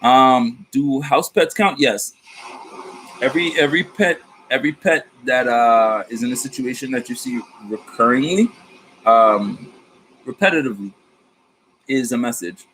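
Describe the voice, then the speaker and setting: A man's voice: medium pitch, unhurried, a little hiss or hum, low-quality recording. A man reading tarot on his vlog, talking casually about spirit guides with slang, swearing and a rambling manner. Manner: slangy, profane, rambling and animated. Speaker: tarot reader.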